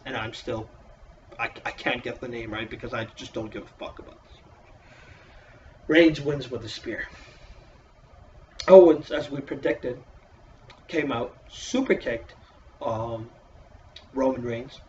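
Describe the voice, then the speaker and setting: A man's voice: mid-range voice, distant mic, muffled recording, a little hiss or hum. A man casually reviewing a wrestling show in a profane, exasperated, sarcastic rant.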